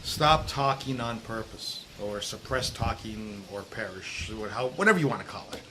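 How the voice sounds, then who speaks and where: A man's voice: lowish voice, expressive, sharp tone. Emphatic middle-aged man coaching outdoors. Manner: emphatic, drawn-out stresses, drops to near whisper at times. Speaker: sales coach. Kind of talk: direct-to-camera coaching talk. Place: outdoors in a breezy warm place. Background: wind noise.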